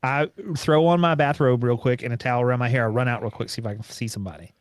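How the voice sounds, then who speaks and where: A man's voice: mid-range voice, racing, dry recording. A man, a player in a tabletop role-play podcast, voicing his housewife character with jokey flirty lines.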